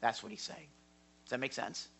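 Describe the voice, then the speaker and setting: A man teaching a sermon in a church hall, emphatic and given to repeating words, swinging from quiet to loud. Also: normal speed. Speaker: Bible teacher.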